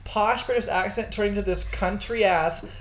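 A man co-hosting a podcast, telling stories in an animated, casual way and swearing now and then. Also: high-pitched, normal speed, very noisy. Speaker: podcast co-host. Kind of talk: casual storytelling chat.

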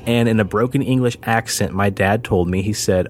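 Low-voiced man reading a listener story. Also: normal speed, hardly any pauses, soft background music. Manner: casual, swearing, laughs often. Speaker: podcast co-host reading listener stories. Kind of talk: reading a listener story aloud, then casual banter.

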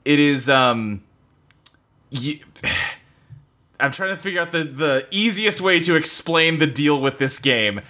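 Bright-voiced man rambling casually. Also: on the high side, animated, slow. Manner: rambling, loose, profane, lots of fillers. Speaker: podcast co-host. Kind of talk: casual chat about video games. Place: home office in a bedroom. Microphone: desktop computer setup.

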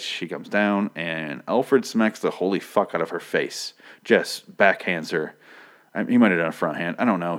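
A man giving a casual, rambling recap of a TV episode, profane and full of joking asides. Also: deep voice.

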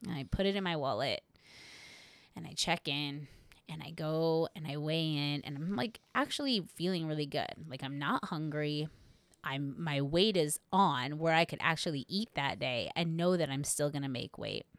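A woman co-hosting a podcast, telling a story in a casual, lively way, swearing freely and acting out her own past thoughts. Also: sits low, moderate pace, dry recording. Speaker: podcast co-host.

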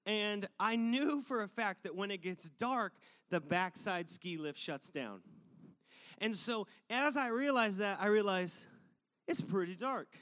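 A man telling a personal story to a live audience in a sermon-style talk, animated and conversational with loose filler words. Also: high voice, measured pace. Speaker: speaker addressing an audience.

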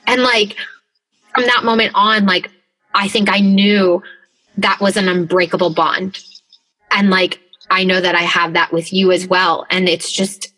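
A woman co-hosts a podcast from inside a closet, her lowish voice flat, a little slow, pushed and bright on a rough recording. She talks candidly and emotionally in casual conversation, full of filler words and swearing freely.

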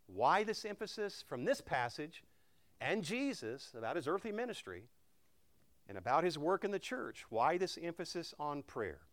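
A man's voice: on the high side, fairly bright tone. A man preaching an evening sermon, repeating key phrases and shifting his volume for emphasis.

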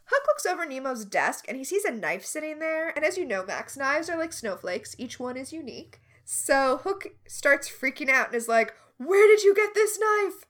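Animated high-voiced woman, sarcastic. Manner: animated, sarcastic, quick asides. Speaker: podcast co-host. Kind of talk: casual recap chat.

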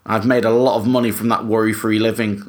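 A man with a somewhat low voice hosts a casual podcast. He talks in a joking, rambling way, often pausing on ums. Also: little pitch movement. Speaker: podcast host. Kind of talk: casual chat.

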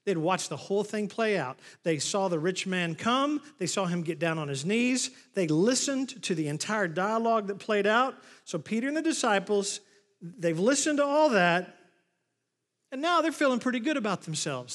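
Animated high-voiced male preacher. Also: normal speed. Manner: animated storytelling, acts out the scripture scenes. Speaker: pastor. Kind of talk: sermon. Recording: long hall reverb.

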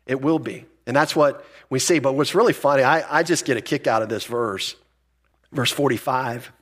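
A man's voice: mid-range voice, moderate pace, fairly bright tone. A male pastor giving a sermon in a conversational, emphatic way.

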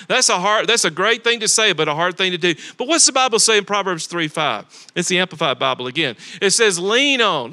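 In a church sanctuary, a male pastor delivers a sermon in a high, bright, forceful voice, speaking emphatically, repeating words for weight, and continually putting rhetorical questions to the congregation. It has the feel of a church service.

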